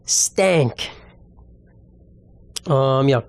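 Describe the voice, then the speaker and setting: A man's voice: mid-range voice, very slow, smooth, no room sound, studio quality. A young man hosting a solo comedic podcast, rambling through stories in an offhand, profane way. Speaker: podcast host.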